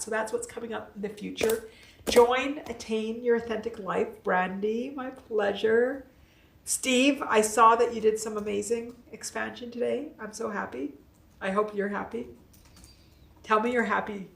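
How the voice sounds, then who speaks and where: A woman's voice: mid-range voice, vocal fry, fairly bright tone. A woman hosting a casual livestream, laughing often and reading out viewer comments. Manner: chatty, laughing, reads viewer comments aloud. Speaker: livestream host. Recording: echoey room, distant mic.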